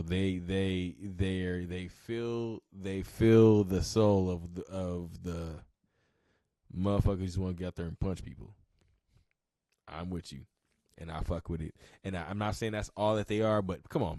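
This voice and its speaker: Man, low voice, laid-back reaction commentary, profane, laughs often, dry close mic. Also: moderate pace, dark tone, no echo. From Southern California. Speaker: podcast host reacting to a clip.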